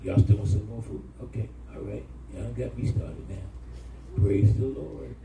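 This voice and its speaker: A middle-aged man pastor, preaching an animated sermon with call-and-response to his congregation. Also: fairly low pitch, unhurried, vocal fry, recorded from a distance, background noise. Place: church hall. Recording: echoey church room, mic from afar, congregation.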